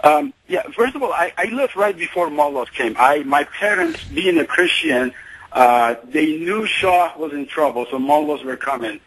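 A man's voice: on the high side, animated, moderate pace, fairly bright tone, husky, rough recording. Hesitant middle-aged male radio caller. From Iran. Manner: hesitant, many fillers. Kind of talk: phone-in call to radio show.

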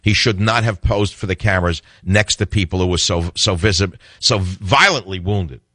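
Deep-voiced blunt man hosting a radio call-in show. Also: moderate pace, bright, forceful tone, no room sound, clean studio sound. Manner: blunt, opinionated, chuckles often. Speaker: radio talk show host.

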